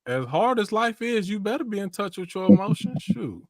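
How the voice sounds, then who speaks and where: Lively voice on a dry video call. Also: medium pitch, moderate pace, dry recording. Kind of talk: casual panel chat.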